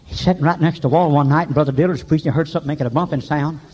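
Higher-voiced older preacher man, lo-fi. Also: steady tone, very fast, breathy edge. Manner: folksy storytelling, breaks into high shouts. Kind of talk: revival sermon. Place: church meeting. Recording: dull lo-fi recording.

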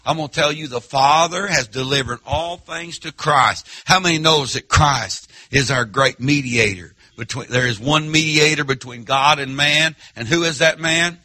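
A pastor preaching in church, his voice sitting a little high and ringing very bright with a husky edge. He leans on rhetorical questions and swings from loud, emphatic lines down to near-murmured asides. The sound is close and dry. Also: normal speed, few pauses, dry recording. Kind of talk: sermon.

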